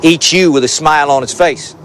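An actor in his fifties playing a scruffy, stoner deadbeat father, talking in a rambling drawl full of hesitant fillers and gruff bravado. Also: a little high, brisk, a bit bright, a little hiss or hum, close to an everyday voice. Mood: commanding. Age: 50s. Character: scruffy stoner deadbeat dad, brash and wheedling. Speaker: estranged father.

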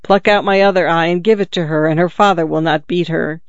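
A man's voice: a little high, fairly even intonation, brisk, clean tone, no echo, close to an everyday voice. A man voicing a sorrowful, tender statue prince. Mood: pleading. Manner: pleading, tender repetitions. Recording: dull lo-fi, dry.

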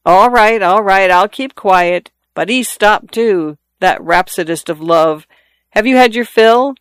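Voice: mid-range voice, measured pace, a bit bright, clear, resonant tone, no echo, natural voice. A reader voicing a skeptical old father who grumbles and mocks in a dry, philosophizing way. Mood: mocking.

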